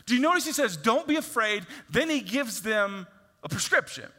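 A man preaching a sermon, acting out voices and swinging from loud to hushed. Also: extremely high pitch, very animated, moderate pace, big-room sound. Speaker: pastor.

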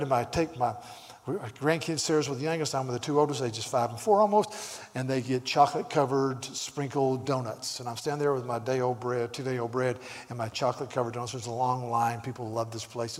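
Older pastor preaching in a hall. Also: male voice, mid-range voice. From Southern United States. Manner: animated storyteller, shifting from quiet asides to loud emphatic scripture reading. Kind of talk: sermon. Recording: long reverb of a large hall.

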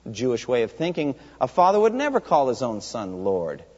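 A man's voice: mid-range voice, wildly swooping pitch, moderate pace, a little mellow. A man preaching an expository sermon in a church sanctuary, emphatic and putting rhetorical questions to the congregation. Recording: long hall reverb, dull lo-fi sound.

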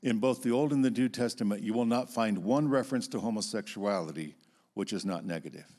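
A man giving a Bible teaching talk to a class, measured and emphatic, dropping his voice low on key points. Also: a little mellow.

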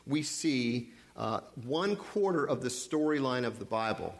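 A man preaching a sermon, reading scripture aloud and pressing home points with repeated questions and deliberate pauses. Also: mid-range voice, animated. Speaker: pastor.

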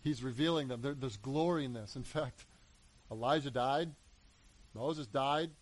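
A man preaching a sermon, animated, acting out voices in the story and building to emphatic peaks. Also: mid-range voice, a little slow, poor audio. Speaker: pastor.

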